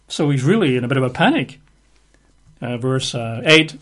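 A man's voice: medium pitch, very animated, fairly quick. A man preaching a sermon, reading and retelling a Bible story with chuckles and chatty asides.

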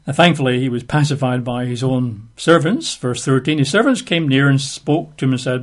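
A man's voice: mid-range voice, animated, moderate pace, few pauses. A man preaching a sermon, reading and retelling a Bible story with chuckles and chatty asides.

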